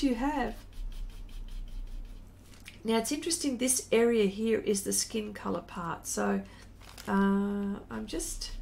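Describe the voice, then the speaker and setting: Slow, gravelly-voiced middle-aged woman. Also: mid-range voice, slight background noise. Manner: chatty, unhurried, reads viewer comments aloud. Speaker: artist hosting a live stream. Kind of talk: casual chat while drawing.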